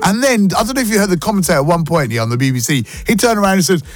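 A man's voice: sits high, lively intonation, very fast, soft background music. A man hosting a casual morning radio chat, rambling along with slang and sing-song asides. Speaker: radio host.

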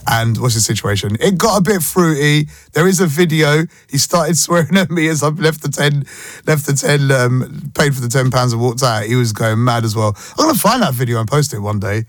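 A British man telling animated, slangy stories in casual chat, jumping from topic to topic. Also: fairly high pitch, moderate pace, no echo, studio quality. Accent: British English. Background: music playing in the background.

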